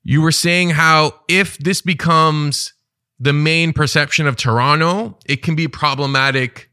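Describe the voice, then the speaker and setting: A man hosting a podcast, asking questions in a relaxed way, often agreeing with his guest. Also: fairly high pitch, unhurried, clear, resonant tone, no room sound, clean studio sound. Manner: relaxed, agreeable, frequent backchannels. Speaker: podcast host. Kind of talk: casual podcast interview.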